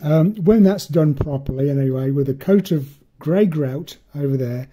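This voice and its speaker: Man, husky dark voice, rambling hobby tutorial, chuckles between steps. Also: on the high side, moderate pace. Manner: rambling, self-deprecating, chuckles often. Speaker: model-making tutor. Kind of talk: casual hands-on tutorial.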